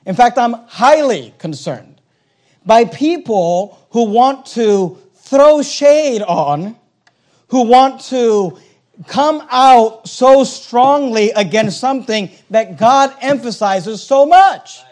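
A man's voice: very high voice, expressive, takes it slowly, darkish tone. A male pastor preaching a sermon, emphatic and repetitive, pressing his points home.

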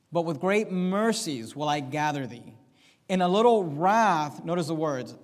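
A man preaching a sermon, reading Bible verses aloud and explaining them to his congregation, often slowing down and swelling for emphasis. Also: a little high. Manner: preaching with Bible readings, varying pace and loudness. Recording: long reverb of a hall.

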